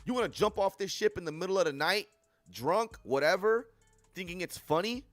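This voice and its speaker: A young man hosting a livestream, reacting to news with profane, animated commentary and frequent laughs. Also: high voice, brisk, no room sound, faint music behind. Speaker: livestream host. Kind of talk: casual commentary on news clips.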